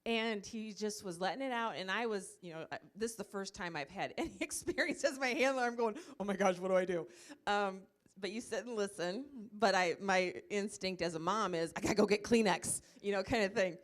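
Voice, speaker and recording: A woman's voice: medium pitch, a little fast, fairly bright tone. Chatty woman telling a story. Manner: chatty storytelling with many fillers. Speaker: church ministry leader presenting a comfort dog. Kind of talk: informal presentation to a church group. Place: church meeting room, live audience.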